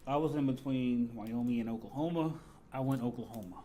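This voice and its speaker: A man's voice: medium pitch, brisk, warm tone. Male contestant, easygoing, self-deprecating, faint noise behind. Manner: laid-back and self-deprecating. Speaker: guest contestant. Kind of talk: casual banter.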